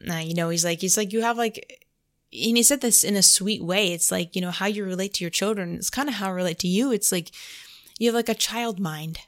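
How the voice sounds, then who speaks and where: A woman's voice: mid-range voice, fast, a bit bright. A woman hosting a casual faith podcast, telling a story and acting out her own prayers in between, with lots of "like". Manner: storytelling, heavy use of "like", quotes her own prayers aloud. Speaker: podcast host.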